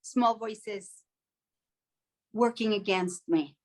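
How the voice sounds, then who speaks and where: A woman's voice: mid-range voice, extremely slow, a little mellow. A woman co-hosting a podcast in casual chat, reflective and acting out inner voices in little quoted asides. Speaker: podcast co-host.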